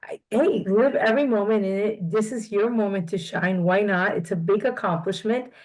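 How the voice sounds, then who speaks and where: A woman's voice: mid-range voice, normal speed, rough recording. A woman hosting a casual interview, upbeat and encouraging toward her guest. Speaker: interview host, executive director.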